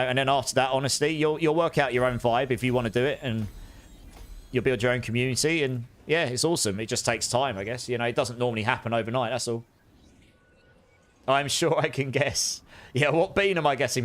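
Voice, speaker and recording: A man streaming a game live, chatting with viewers in a casual, animated way and groaning through reactions. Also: medium pitch.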